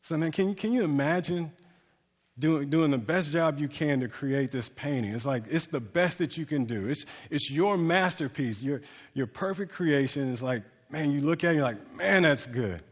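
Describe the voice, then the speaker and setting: A man's voice: on the high side, normal speed, big-room sound. A man preaching a sermon as pastor, in a casual, conversational way with frequent restarts and fillers.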